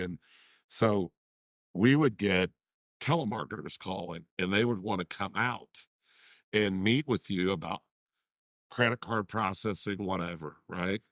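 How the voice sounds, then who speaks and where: Animated male storyteller, dry studio. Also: deep voice, dry recording. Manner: animated storyteller who acts out quotes and repeats "I said". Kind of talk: casual anecdote in a talk show.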